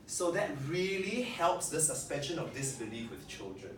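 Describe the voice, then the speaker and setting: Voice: medium pitch, normal speed, few pauses, slight background noise. Echoey distant workshop facilitator. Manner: animated, coaxing, asks the group questions. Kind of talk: teaching a workshop. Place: large room with a group of participants. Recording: echoey room, picked up from a distance.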